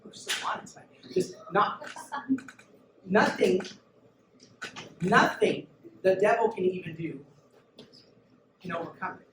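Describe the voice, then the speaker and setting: A man's voice: sits high, expressive, slow pace, long pauses. A man preaching a sermon as a youth pastor, with an emphatic manner, urging listeners to look and listen. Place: church youth room. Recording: echoey room, mic at a distance, background noise.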